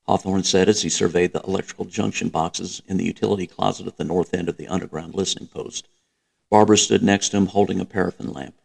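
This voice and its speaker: A man narrating a novel in a measured, even reading. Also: low-pitched, gravelly, slightly rough. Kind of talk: audiobook reading.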